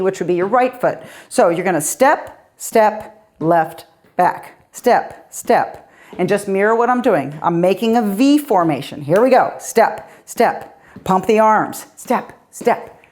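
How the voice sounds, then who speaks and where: A woman's voice: mid-range voice, darkish tone. Upbeat woman coaching a workout. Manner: upbeat, encouraging, motivational. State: slightly out of breath from exercising. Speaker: fitness coach. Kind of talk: guided workout instruction.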